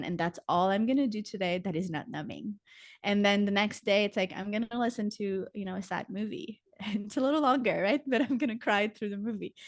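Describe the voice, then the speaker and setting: Woman guest, somatic coach type; calm, teaching delivery, casual fillers, dry close sound. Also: medium pitch, no room sound. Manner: calm, teaching, uses "like" often. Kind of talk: casual explanatory interview talk.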